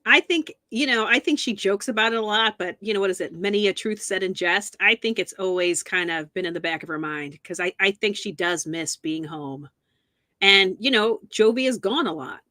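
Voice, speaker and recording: A woman co-hosting a casual recap chat, giving thoughtful, measured opinions. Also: medium pitch, bright, forceful tone, no echo, studio quality. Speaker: co-host.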